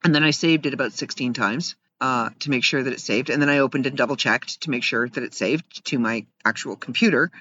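Bright-voiced man chatting in a vlog. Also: mid-range voice, brisk, few pauses. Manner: chatty, rambling, self-deprecating, laughs often. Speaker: vlogger. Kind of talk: casual personal vlog. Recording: slightly muffled with faint background hiss.

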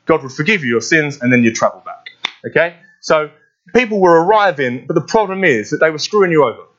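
A pastor preaches a conversational sermon in a fairly high voice. He keeps checking in with his listeners by asking "yeah?". The recording sounds dull and lo-fi. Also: animated, brisk, a bit bright.

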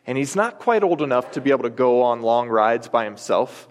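Recorded in a church sanctuary with long, echoing reverb, an American man in his thirties preaches a sermon, telling a family story with earnest emphasis. He speaks fairly quickly in an animated, mid-range voice.

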